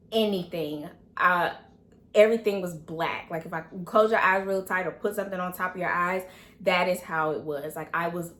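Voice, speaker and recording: Young woman vlogging, animated storytelling, fillers, lowish voice, echoey room. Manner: animated retelling, acts out quoted dialogue, many fillers. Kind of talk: personal storytelling vlog.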